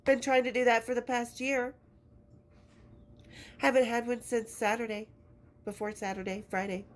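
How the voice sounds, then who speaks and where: A woman's voice: fairly high pitch, level tone, moderate pace. A woman hosting her podcast in a casual, affectionate chat while sick and congested, swearing freely. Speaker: podcast host.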